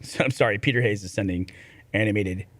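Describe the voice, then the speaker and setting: A man's voice: lowish voice, fast talker, no echo. A man co-hosting a podcast in casual chat, joking and telling stories. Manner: animated, joking storyteller. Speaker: podcast co-host.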